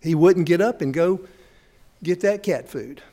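A man's voice: high voice, measured pace, warm tone. Folksy storytelling preacher, man. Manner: folksy storytelling, talks straight to the audience. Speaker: pastor. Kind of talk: sermon.

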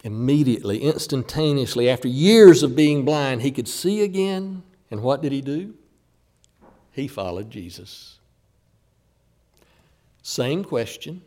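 Guy preaching a sermon, slow and drawn out, voice swinging up and down a lot. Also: medium pitch, lively intonation, warm tone. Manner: retells scripture with acted quotes, dramatic pauses.

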